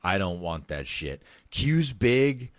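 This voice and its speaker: Low-voiced man telling rambling stories. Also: very animated, takes it slowly, no echo, clean studio sound. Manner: profane, rambling storytelling. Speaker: podcast host. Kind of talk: casual chat about a film.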